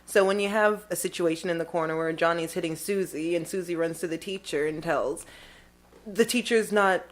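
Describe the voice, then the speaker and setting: Woman, podcast guest, lowish voice, earnest, step-by-step explaining. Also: moderate pace. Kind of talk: casual debate chat.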